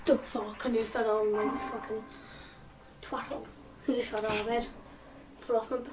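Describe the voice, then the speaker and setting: A woman's voice: fairly high pitch, flat delivery, moderate pace, background noise. A woman hosting a let's play, giggly and chaotic, swearing a lot as she plays. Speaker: gaming channel host. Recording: voice far from mic, faint game music.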